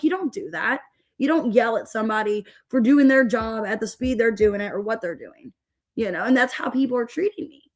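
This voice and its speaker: Woman, tarot livestream host, fed-up venting, fairly high voice, halting restarts. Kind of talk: livestream chat to viewers.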